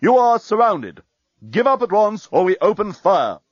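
A booming, menacing alien fleet voice in a storybook, as a male narrator puts it on. It speaks slowly and loudly, raised in pitch. The sound is dry and a bit dull. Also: sing-song, dry recording. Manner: slow, loud and commanding.

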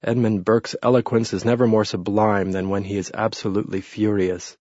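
A man's voice: fairly low pitch, level tone, fairly quick, a little mellow, dry recording, close to an everyday voice. A man reading as a dry, sardonic redheaded Englishman. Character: bitter witty redheaded Englishman, dry and glum. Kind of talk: audiobook character reading. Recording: muffled lo-fi recording.

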